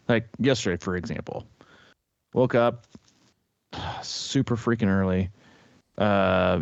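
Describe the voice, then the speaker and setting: Low-voiced man telling stories casually. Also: no echo, highs cut off. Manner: rambling, candid storytelling with mild swearing. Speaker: podcast co-host. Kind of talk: casual podcast chat.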